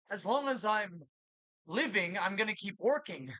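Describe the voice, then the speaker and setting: A woman's voice: medium pitch, a bit bright, dry recording, poor audio. A woman vlogger in an agitated, accusatory monologue that keeps repeating itself. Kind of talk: ranting monologue to camera.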